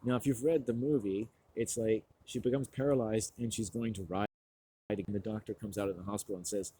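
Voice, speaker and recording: A man with a lowish, mellow voice rambles through a movie plot in loose, casual talk. He swears freely, leans on fillers, and acts out the people he quotes. A faint hiss sits under the voice. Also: steady tone, brisk. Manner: rambling, profane, full of fillers. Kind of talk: casual movie recap rant.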